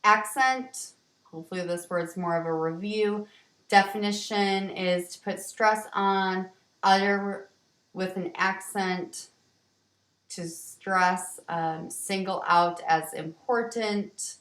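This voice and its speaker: Slow-talking woman teacher, roomy room. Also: medium pitch, fairly even intonation. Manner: slow, explanatory, with ums and restarts. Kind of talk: vocabulary lesson walkthrough. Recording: roomy, distant from the mic.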